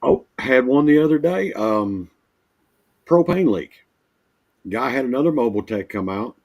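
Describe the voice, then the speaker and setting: A man's voice: medium pitch, animated, unhurried, highs cut off. A man working as a mobile RV technician, telling folksy repair stories in casual conversation over a livestream call. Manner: easygoing, folksy anecdotes. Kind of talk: casual storytelling.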